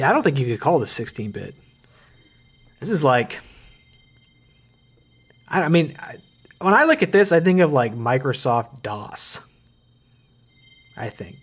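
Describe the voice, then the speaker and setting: A man's voice: on the high side, big pitch swings, measured pace, long pauses, breathy edge. A man streaming a horror visual novel, reading the text aloud and breaking off into joking asides.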